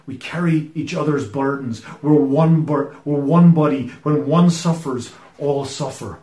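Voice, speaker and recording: An earnest male pastor delivers a sermon with emphatic phrasing and sentences that often sink to a hushed close. His voice sits slightly high for a man and rings around an echoey room. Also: unhurried, few pauses.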